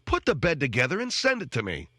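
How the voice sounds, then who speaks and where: A man's voice: on the high side, huge pitch swings, quick pace, sharp tone, no room sound. A man hosting a radio show, ranting in a sarcastic, self-mocking comic monologue from a studio microphone. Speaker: radio talk show host.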